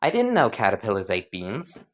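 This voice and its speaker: A woman voicing a worn-out male teacher who talks in a flat, weary, dry way. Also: rumbling low, normal speed, pitched below the performer's own voice, exaggerated voice.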